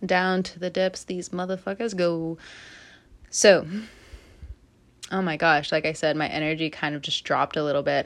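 A woman doing a casual tarot reading, animated and blunt, swearing freely and laughing at herself. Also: low voice, measured pace, long pauses. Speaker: tarot reader.

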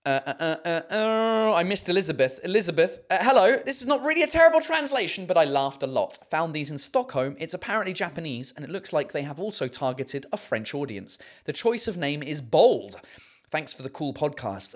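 An animated podcast host reads listener messages in a casual chat on their show, giggly and amused, with frequent high laughter and casual swearing. French and German words are sounded out slowly.

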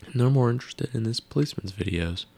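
A man's voice: medium pitch, expressive, fast talker, gravelly, mellow, slightly rough. A man casually recapping a TV episode, rambling with wry asides and musing questions.

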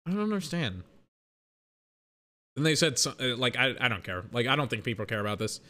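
A man's voice: medium pitch, lively intonation, fairly quick, bright, forceful tone. A young man in a casual, rambling sports rant that is profane and full of self-corrections.

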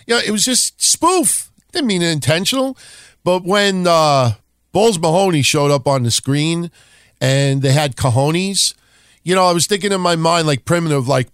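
A man with a slightly high voice hosts a wrestling history podcast. He talks casually and bluntly, with profanity and wry asides, and the recording is dry and close. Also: lively intonation, moderate pace, fairly bright tone, smooth, no echo. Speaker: podcast host.

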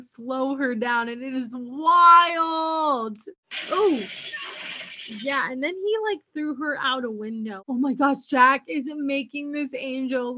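A young woman giving chatty, excitable commentary as she reacts to a TV show, laughing often. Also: high-pitched.

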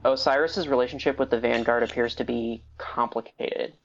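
A man voicing a calm, soft-spoken male robot companion in a story read aloud on a podcast, with light music behind. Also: mid-range voice, moderate pace, dull audio, lightly acted.

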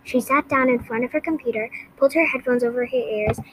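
A woman reading a novel aloud with steady, clear storytelling. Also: fairly high pitch, quick pace, background noise. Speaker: audiobook reader.

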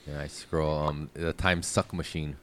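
A man's voice: rumbling low, level tone, a little slow, a bit bright. A man co-hosting a podcast, chatting casually, laid-back, swearing often and laughing easily. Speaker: podcast co-host. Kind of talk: casual chat.

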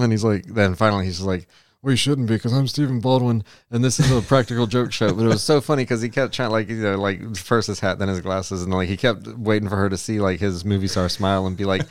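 A man's voice: fairly even intonation, quick pace, dry recording, clean studio sound. A man co-hosting a podcast, telling rambling stories in casual chat and acting out quotes. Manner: rambling storyteller, acts out quotes in a high voice. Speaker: podcast co-host.

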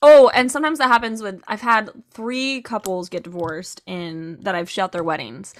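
A woman's voice: medium pitch, fairly even intonation, moderate pace, no room sound. A young woman co-hosting a casual podcast, chatty and giggly, acting out what people said. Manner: chatty, giggly, acts out quotes. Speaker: podcast co-host; wedding photographer. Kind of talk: casual chat.

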